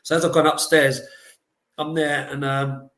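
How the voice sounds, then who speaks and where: A man on a podcast as a guest, telling animated, rambling anecdotes in casual chat with lots of "like". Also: a little high, a little slow, roomy sound. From England.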